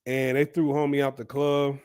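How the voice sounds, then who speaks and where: A man's voice: medium pitch, little pitch movement, normal speed, a little mellow, smooth. A man, telling a story in a loose, chatty way, full of fillers and restarts. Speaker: vlogger. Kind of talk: casual storytelling.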